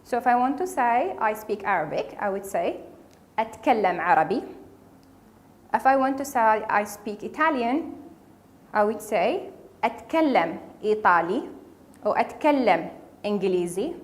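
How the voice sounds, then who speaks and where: A woman's voice: medium pitch, lively intonation, a little fast, pauses often. A woman teaching a casual spoken language lesson, patiently repeating each word for learners. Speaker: Arabic dialect teacher.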